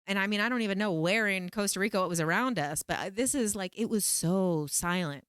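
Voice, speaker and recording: A woman vlogger telling a personal story to camera in a casual, animated, emphatic way. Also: medium pitch, a little fast, smooth, no echo, clean studio sound. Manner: animated, emphatic, repeats phrases for effect.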